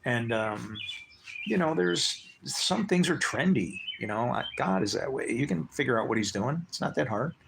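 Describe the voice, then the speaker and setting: Man, gravelly voice, very lively pitch, rambling live-stream talk, profane, chuckles often. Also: normal speed, noisy background. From United States. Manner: rambling, profane, laughs between thoughts. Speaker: livestream host.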